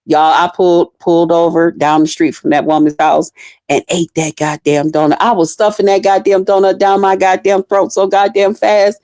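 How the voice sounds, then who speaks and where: A woman's voice: mid-range voice, normal speed, a little mellow, no echo, studio quality. Blunt, profane woman telling a story. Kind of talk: casual storytelling.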